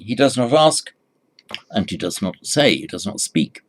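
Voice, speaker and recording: Slow, patient male Sanskrit teacher. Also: on the low side, big pitch swings, gravelly. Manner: slow, patient, repeats each phrase for the learner. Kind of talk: recorded language lesson.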